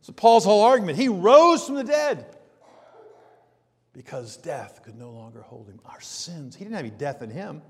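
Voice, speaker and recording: A middle-aged man preaching a sermon, swinging from loud emphasis to quiet asides. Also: sits high, animated, moderate pace, breathy edge. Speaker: pastor. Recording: reverberant hall.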